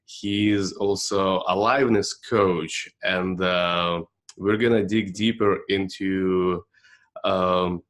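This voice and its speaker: A male podcast host with a lowish voice leads an interview. He asks questions hesitantly and pauses often with fillers. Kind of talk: interview hosting.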